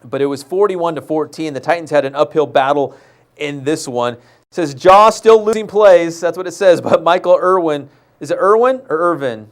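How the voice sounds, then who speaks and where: A man with a slightly higher-pitched voice hosts a live high school football show from a studio. He talks loosely over the highlights, joking with the crew and fumbling the odd name. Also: lively intonation, normal speed. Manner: loose and chatty, jokes with crew, stumbles on names.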